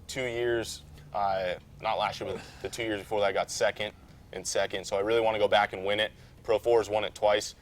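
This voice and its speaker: A man talking casually as a guest about racing, easygoing and rambling, getting animated when he retells a story. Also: on the low side, a little fast. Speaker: off-road truck racer, guest. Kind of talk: casual chat.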